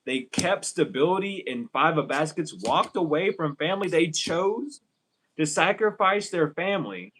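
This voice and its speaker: A man's voice: fairly high pitch, expressive, normal speed, a bit bright, poor audio. A man doing a casual tarot reading for viewers, ranting and swearing as he talks straight to them. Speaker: tarot reader.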